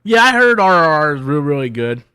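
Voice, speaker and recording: A man hosting a casual livestream, rambling loosely with lots of swearing and self-mockery, swinging between loud bursts and mumbled asides. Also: a little high, sing-song, fairly quick, clear, resonant tone, no echo, clean studio sound. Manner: loose, profane, self-mocking, riffs and hums to himself. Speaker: YouTube host answering viewer questions.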